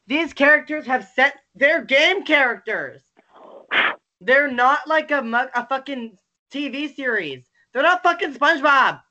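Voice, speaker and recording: A young adult on a webcam video call, ranting and swearing constantly, bursting into shouts and cry-like laughter. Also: medium pitch, muffled recording, background noise. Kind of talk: casual profane rant.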